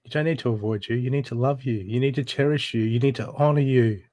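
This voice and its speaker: A man's voice: mid-range voice, quick pace, a little mellow, no echo, studio quality. A man giving a live intuitive reading, blunt and urgent, swearing freely as he presses the listener to heal. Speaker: spiritual reader.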